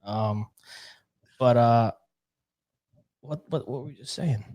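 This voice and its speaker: A man's voice: mid-range voice, takes it slowly, dark tone. A man co-hosting a live show in casual chat, joking and rambling. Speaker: co-host.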